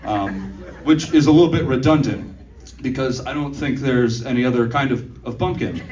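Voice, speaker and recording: A man's voice: medium pitch, moderate pace, background noise. A young man in his twenties doing a stand-up comedy set in a comedy club, telling stories loosely and profanely with asides to the crowd. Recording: roomy club sound from a distance. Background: audience laughter.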